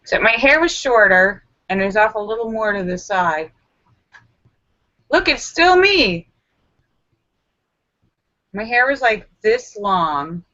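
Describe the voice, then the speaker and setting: A woman vlogger telling a story to camera in a casual, animated way, acting out her own screams and lines of dialogue. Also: mid-range voice, moderate pace, hardly any pauses, dull audio.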